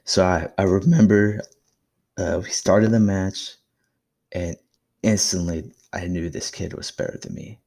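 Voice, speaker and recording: A young man talks through his own podcast in a low, gravelly voice, telling stories from his past. His delivery stays fairly flat in pitch and has a casual, reflective and encouraging tone. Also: measured pace. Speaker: podcast host. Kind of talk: casual solo podcast monologue.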